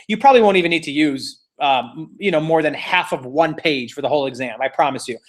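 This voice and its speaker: A man's voice: fairly high pitch, fairly quick. A man teaching a live online real estate exam class, playful and teasing, walking students step by step and cheering them on.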